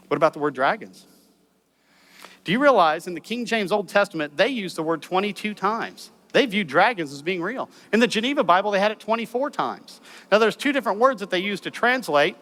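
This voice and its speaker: A man lecturing a live audience in an animated way, with many rhetorical questions. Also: high voice. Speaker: speaker.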